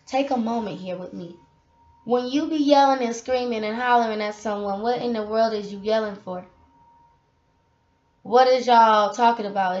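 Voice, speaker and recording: A woman's voice: fairly high pitch, a little mellow. A woman giving a casual, impassioned faith testimony straight to her viewers from her apartment. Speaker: vlogger sharing faith testimony. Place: apartment room. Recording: roomy, dull lo-fi audio.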